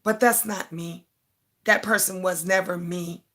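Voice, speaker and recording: A woman's voice: fairly low pitch, fairly even intonation, a little slow, fairly bright tone. Brassy, emphatic older woman host. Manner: blunt, emphatic, repeats words, reads viewer comments. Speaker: livestream host. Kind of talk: casual livestream talk.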